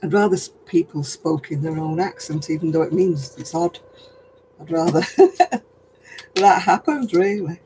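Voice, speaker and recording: A man's voice: a little high, unhurried, pauses often, warm tone, a little hiss or hum, rough recording. An older man hosting a casual livestream chat, talking in a rambling, chatty way and laughing often. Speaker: host.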